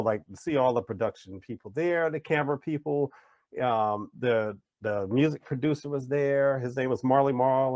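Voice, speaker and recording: A man hosting a podcast interview, telling stories in an animated, chatty way. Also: mid-range voice, no room sound. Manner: animated storyteller, acts out quoted voices. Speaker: podcast host. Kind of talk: casual conversational interview.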